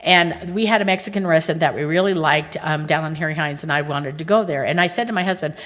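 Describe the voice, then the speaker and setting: A woman's voice: low-pitched, quick pace, fairly bright tone. A middle-aged woman gives a humorous talk to a conference audience, telling stories and speaking straight to the listeners. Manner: joking, storytelling, addresses the audience directly. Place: large conference hall. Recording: long hall reverb.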